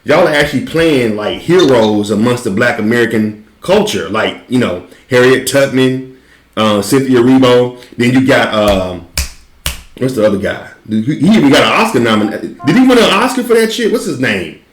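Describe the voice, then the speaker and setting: A man chats casually and tells stories, swearing freely and laughing as he goes. His pitch moves all over the place. The room around him is roomy and echoey. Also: animated, moderate pace. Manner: laid-back, profane, laughs while telling stories. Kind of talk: casual chat, storytelling.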